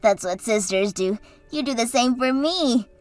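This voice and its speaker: A woman voicing a bubbly, high-voiced supportive sister. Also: animated, measured pace, a little mellow, no echo, soft background music. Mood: cheerful. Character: supportive maid-of-honor sister, cheerful. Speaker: sister Katie. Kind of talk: scripted story drama.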